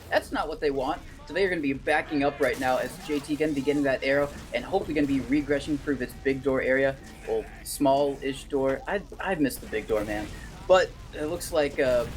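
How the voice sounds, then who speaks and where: A man co-casting a live esports match in a laid-back, casual way, chuckling often. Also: fairly high pitch. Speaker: esports caster. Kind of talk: live play-by-play commentary.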